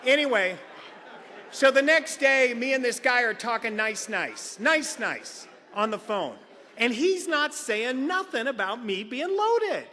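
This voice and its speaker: Animated high-voiced man telling comic stories. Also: measured pace. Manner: animated comic storyteller, acts out quotes. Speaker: recovery meeting speaker. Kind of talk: comic recovery share at a meeting. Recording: reverberant hall sound.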